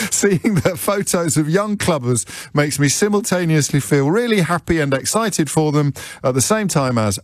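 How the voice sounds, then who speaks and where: A man's voice: a little high, expressive, unhurried, no echo. A middle-aged man with a British accent hosting a radio phone-in, talking conversationally and wryly about himself. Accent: British English. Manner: conversational, self-deprecating, wry. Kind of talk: talk radio monologue. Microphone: studio microphone.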